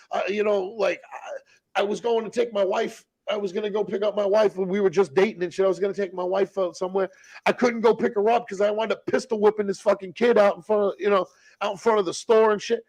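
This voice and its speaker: A man telling rough stories as a podcast guest, in blunt, profane street slang. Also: high-pitched, fairly quick, a little mellow. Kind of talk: casual storytelling.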